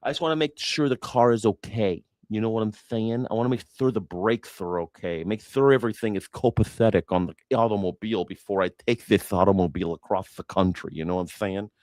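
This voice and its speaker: A man's voice: lowish voice, a little fast, hardly any pauses, a little mellow, no echo, clean studio sound. A man doing casual livestream commentary, telling rambling, profane, jokey stories and acting out what people said. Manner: rambling, profane, jokey storytelling with acted-out quotes. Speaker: independent news and culture commentator.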